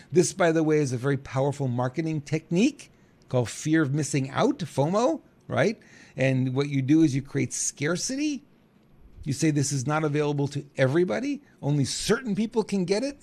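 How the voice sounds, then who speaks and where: A middle-aged man talking in a casual monologue as a podcast host, animated and chuckling, acting out quotes. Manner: animated, acts out quotes with big pitch jumps, chuckles.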